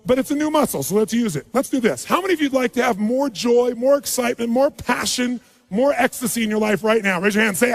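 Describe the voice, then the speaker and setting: A middle-aged man giving a motivational seminar talk to a live audience, telling stories softly and then building to loud rallying calls. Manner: storytelling, drops low and soft for emotional quotes, then rises to loud rallying. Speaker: motivational speaker. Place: large hall with live audience. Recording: long hall reverb.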